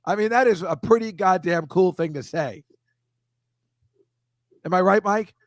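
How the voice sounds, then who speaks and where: Middle-aged guy comic rambling on a video call, kinda high voice, dry sound. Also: a little slow, dry recording. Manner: rambling, self-deprecating, slips into silly voices. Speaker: comedian host. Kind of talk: casual comedic chat on a video call.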